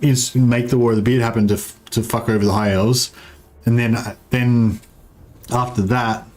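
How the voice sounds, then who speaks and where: A man's voice: mid-range voice, fairly even intonation, normal speed, darkish tone. A man with an Australian accent chatting casually on a game livestream, rambling, swearing freely and often trailing off mid-thought. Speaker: game streamer. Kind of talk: casual livestream chat while playing.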